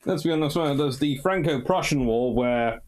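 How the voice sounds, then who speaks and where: A man's voice: medium pitch, normal speed, darkish tone. A man hosting a live stream, reading out viewer comments and answering them in a casual, rambling way with frequent ums and uhs. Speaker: host answering viewer questions.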